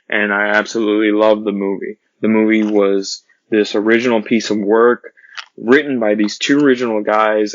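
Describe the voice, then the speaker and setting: A man giving an earnest casual film review, recounting scenes with pauses and restarts. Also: fairly low pitch, lo-fi sound.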